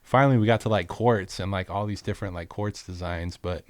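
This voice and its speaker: A man's voice: low-pitched, brisk, slight background noise. A man as a guest in a casual chat, explaining things easily with plenty of fillers. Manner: easygoing, explaining with lots of fillers. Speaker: glassblower guest.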